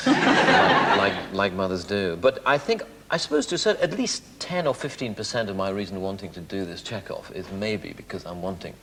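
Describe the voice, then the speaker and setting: Low-voiced hesitant man on a chat show. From North East England. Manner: hesitant, stammering restarts, dry self-mocking. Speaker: guest comedian. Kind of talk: casual chat show interview. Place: television studio. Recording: echoey studio with faint hiss.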